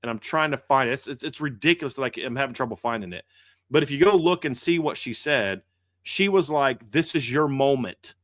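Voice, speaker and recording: A man's voice: medium pitch, quick pace, fairly bright tone, no echo, studio quality. A man hosting a sports podcast, ranting in a heated, indignant way and often restarting his words. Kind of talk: casual podcast rant.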